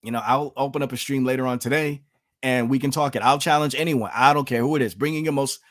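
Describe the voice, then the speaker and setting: A man's voice: mid-range voice, fairly even intonation, fast talker, a bit bright. A man from the United States giving emphatic political commentary on his vlog, repeating himself and addressing viewers as folks.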